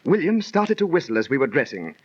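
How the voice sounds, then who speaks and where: A man's voice: on the high side, very animated, a little fast, breathy edge. A man playing a concerned fellow actor in a 1930s radio drama, speaking in archaic phrasing. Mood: worried. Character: anxious, sensible male fellow actor. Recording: muffled 1930s transcription disc.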